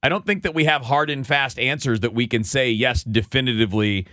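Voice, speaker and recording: A man co-hosting a casual sports talk show, talking in animated rants with many restarts. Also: mid-range voice, fairly quick, no echo, clean studio sound. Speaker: co-host.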